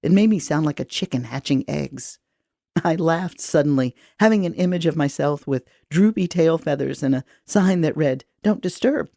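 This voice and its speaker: A woman reading first-person audiobook narration in a measured, even way. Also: low voice, vocal fry, dry recording, clean studio sound.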